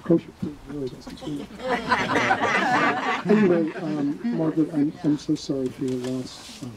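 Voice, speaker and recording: A man's voice: a little high, unhurried, over a noisy crowd, poor audio. A man from New York giving an informal funeral eulogy, hesitant and with fillers. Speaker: eulogy speaker, neighbor.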